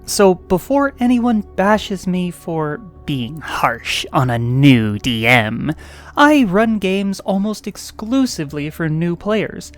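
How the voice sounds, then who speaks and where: A woman hosting and narrating online role-playing stories, expressive, with playful asides. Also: fairly low pitch, takes it slowly, soft background music. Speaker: host and narrator.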